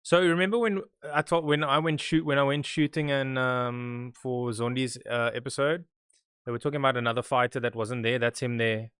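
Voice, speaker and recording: A young man hosts a live fight watch-along, chatting loosely and calling out to his audience. His voice is smooth and clear, recorded close and dry with no room sound at all. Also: mid-range voice, fairly even intonation, moderate pace, fairly bright tone, no echo. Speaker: podcast host.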